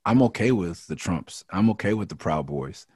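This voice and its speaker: A deep, husky male voice recorded close and dry, with no room around it. He speaks in a candid, loose interview style, swearing freely and pushing harder on the points he feels strongly about. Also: expressive, moderate pace, darkish tone, no echo. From Los Angeles area. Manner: frank and profane, ramps up when heated. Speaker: rapper and interview guest. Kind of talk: candid casual interview talk.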